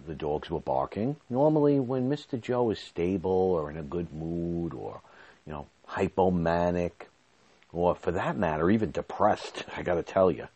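A man's voice: low voice, a little mellow, slightly rough. A man hosting his own podcast, talking candidly and rambling with restarts, a little out of breath. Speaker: podcast host. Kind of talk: personal podcast monologue.

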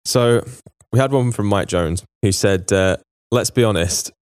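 Guy with a lowish voice reading out emails on a podcast, dry close sound. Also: measured pace, darkish tone, dry recording. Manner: chatty, reads listener emails aloud. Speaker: podcast co-host. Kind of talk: casual chat.

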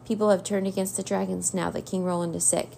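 A woman reading the part of a hurried male castle guard delivering urgent news. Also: lowish voice, flat delivery, vocal fry, dark tone, a little hiss or hum.

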